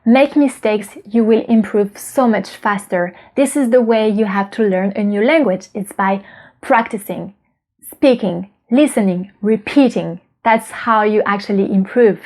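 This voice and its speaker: A woman's voice: fairly high pitch, darkish tone. A woman with a French accent teaching pronunciation in a casual video lesson, explaining patiently and often checking in with the viewer.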